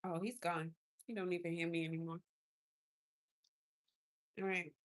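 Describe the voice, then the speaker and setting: A woman's voice: fairly low pitch, fairly even intonation, a little slow. Chatty woman livestreaming her makeup. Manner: chatty and effusive, reacts to viewers and gifts. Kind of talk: casual livestream chat with viewers. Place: inside a car.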